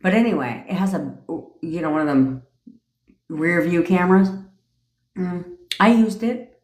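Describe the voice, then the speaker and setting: A woman in her forties, with a lowish voice, rants through a story for her livestream. She swears freely, talks bluntly and laughs often. Her voice carries a roomy echo. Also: a little slow, a little mellow. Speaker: manifestation coach. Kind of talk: casual storytelling rant on a livestream.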